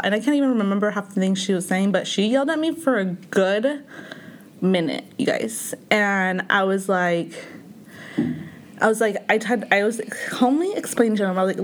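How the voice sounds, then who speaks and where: A woman's voice: medium pitch, animated, normal speed. Young woman, casual storyteller, loose and filler-heavy. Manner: storytelling with many likes and restarts. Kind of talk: casual chat.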